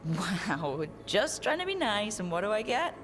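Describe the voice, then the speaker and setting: A woman's voice: mid-range voice, sing-song, measured pace, a bit bright, big-room sound, faint music behind. An actress playing a wry young woman companion in a game. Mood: gentle.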